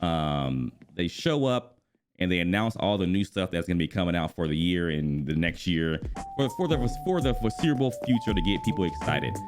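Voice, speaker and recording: A man's voice: sits low, moderate pace. Chatty man over game music. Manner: chatty, animated, laughs often, exclaims at the game. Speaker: gaming YouTuber and streamer. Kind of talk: casual gaming vlog commentary while playing. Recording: music bed playing clearly behind the voice.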